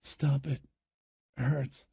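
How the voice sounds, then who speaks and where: A man's voice: mid-range voice, level tone, drawn-out words, gravelly, mellow, breathy edge, dry recording, exaggerated voice. A man voicing an injured, dazed mother in an audiobook, speaking groggily through the pain. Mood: groggy. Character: dazed, injured grown woman, protective mother.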